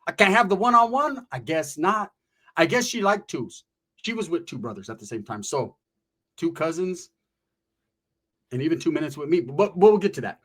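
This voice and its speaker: High-voiced man telling a street story. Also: sing-song, normal speed, long pauses, a bit bright, breathy edge. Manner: profane, streetwise, keeps tagging "right?". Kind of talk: casual storytelling.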